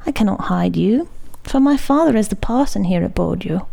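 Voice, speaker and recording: A woman's voice: medium pitch, lively intonation, normal speed, gravelly, warm tone. A woman reading aloud, voicing an earnest, proud young parson's daughter in a grave, earnest way.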